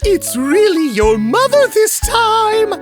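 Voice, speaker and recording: A woman's voice: extremely high pitch, big pitch swings, takes it slowly, exaggerated voice. A wolf faking a sweet mother voice. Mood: sly. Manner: sing-song, overly sweet and cunning. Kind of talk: children's cartoon storybook voice acting. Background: background music.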